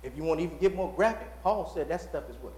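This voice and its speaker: A man's voice: on the high side, expressive, very fast, a little mellow, slight background noise. A man in his forties preaching a sermon in a folksy, conversational way, asking the congregation rhetorical questions. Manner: rhetorical call-and-response questions. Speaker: pastor.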